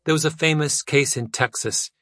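A man's voice: pushed and bright, no echo, studio quality. Man narrating a nonfiction audiobook. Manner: measured, pitch drops low at phrase ends.

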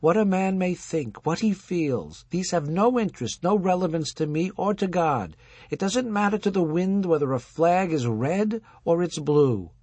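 Man doing a stern older rabbi, high and lively, preaching, husky, dry. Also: no room sound. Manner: lofty, preaching, slow on emphasis.

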